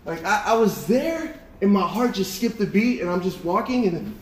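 A young man preaching a sermon to a congregation, telling a story in an animated way with repeated words and frequent laughs. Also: high-pitched, moderate pace, slight background noise. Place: church hall. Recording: echoey room with a congregation. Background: congregation responding.

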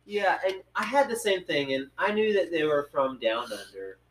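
A man's voice: a little high, very animated, normal speed, rough recording. A man hosting a casual podcast, talking in a rambling, hesitant way with many fillers. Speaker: podcast host.

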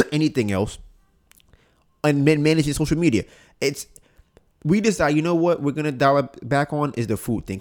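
A man's voice: medium pitch, a little mellow. A young man hosting a podcast, telling a casual story in slangy talk and acting out both sides of it. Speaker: podcast host.

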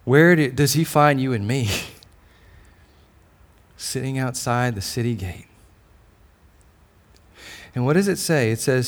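A male pastor preaching a sermon, swinging between loud declarations and soft, close lines. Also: mid-range voice, slow pace, long pauses.

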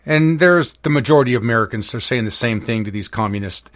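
A man's voice: medium pitch, expressive, fast talker, dry recording. A man hosts a political talk podcast in an easy, rambling way, with plenty of fillers. His mid-range voice sits close to the mic in a very dry room. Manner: loose and conversational, with frequent fillers. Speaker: podcast host.

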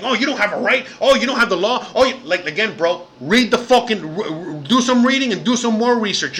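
A man's voice: high voice, bright, forceful tone, slight background noise. A man ranting profanely in a reaction video, repeating "you know what I mean" over and over. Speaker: commentator reacting to clips.

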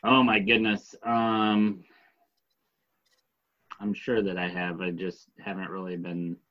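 A man speaking softly and haltingly in a casual chat, as a parent. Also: sits low, flat delivery. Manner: soft-spoken and halting. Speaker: podcast guest and parent. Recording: dull lo-fi sound.

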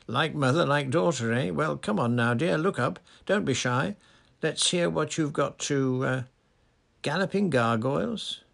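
A man's voice: fairly high pitch, measured pace, gravelly, fairly bright tone, pitched above the performer's own voice, heavily acted. A man reading aloud, voicing a blustering, hearty middle-aged male official with a jovial, falsely fatherly manner.

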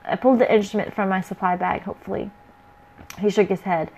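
A woman reading a first-person fantasy adventure story aloud in a lively, playful way. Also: mid-range voice, quick pace, vocal fry.

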